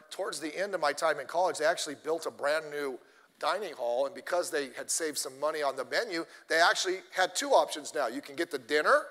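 A male pastor preaching a sermon, telling stories in an animated way and addressing the congregation directly. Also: a little high, long reverb tail.

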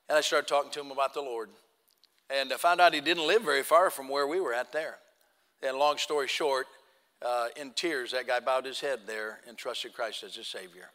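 A pastor with a medium-pitched, sharp-toned voice preaches a sermon built around a folksy story, acting out both sides of the conversation. The recording carries a long hall reverb.

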